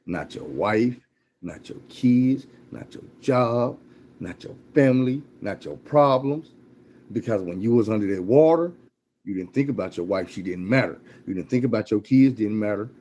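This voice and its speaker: A man voicing a calm male mentor who teaches a hard life lesson in a steady, preaching way. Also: lowish voice, normal speed, muffled recording, a little hiss or hum. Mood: calm, instructive.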